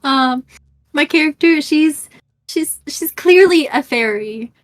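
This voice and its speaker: Woman player, a bit high, giggly and unsure, casual table chat. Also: expressive, slow. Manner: giggly, self-conscious, hesitant with restarts.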